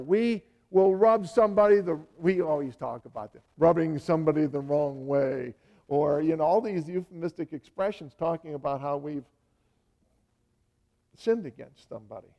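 A man's voice: fairly high pitch, dark tone. A male pastor giving a sermon in a conversational way, full of "you know" asides and words repeated for emphasis.

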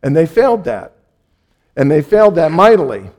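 A man's voice: a little high, big pitch swings, normal speed, a little mellow. A man preaching a sermon, repeating key phrases for emphasis and acting out the people he quotes.

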